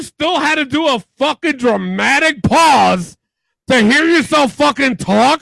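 Loud, profane high-voiced man hosting. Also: animated, a little slow, creaky, no room sound. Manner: profane, loud, exasperated ribbing. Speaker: podcast host running a quiz game. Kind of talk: casual podcast banter.

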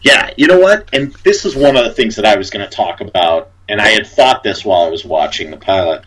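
This is a man with a deep, husky voice in a relaxed co-host conversation. He talks loosely, often stalls on fillers and restarts his sentences as he looks for a name or a word. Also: fairly quick, poor audio. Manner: hesitant, many fillers and restarts. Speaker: podcast co-host. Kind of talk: casual chat about a TV show.

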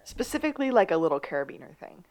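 A woman co-hosting a casual podcast recap of a TV episode, moving between high excited bursts and low asides. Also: normal speed. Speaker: podcast co-host.

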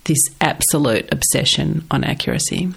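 An Australian woman in her forties with a husky voice from a cold, telling animated stories in casual conversation as an interview guest. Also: low-pitched, moderate pace. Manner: animated storytelling, laughs often.

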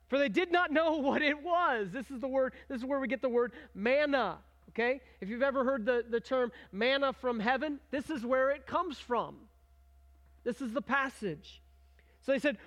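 A man with a fairly high voice preaches in an animated, conversational way. He reads scripture aloud with rising emphasis and keeps checking in with the congregation, asking questions and inviting them to join in. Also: moderate pace. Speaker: pastor. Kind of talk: sermon.

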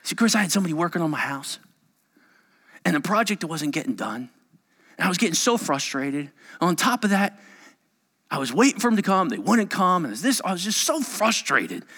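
Pastor, middle-aged man, lively sermon delivery, bright ringing voice. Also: high-pitched, fairly quick, husky. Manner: animated, acts out quotes in varied voices.

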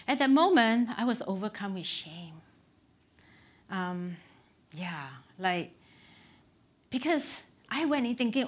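A woman's voice: medium pitch, very animated, measured pace. Candid, chatty middle-aged woman pastor. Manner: candid and self-deprecating, with frequent fillers. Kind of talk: conversational sermon.

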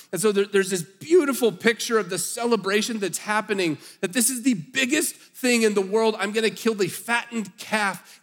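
A man's voice: high voice, fairly bright tone, in a large hall. A man pastor preaching a sermon in a conversational, storytelling way, with slips and restarts.

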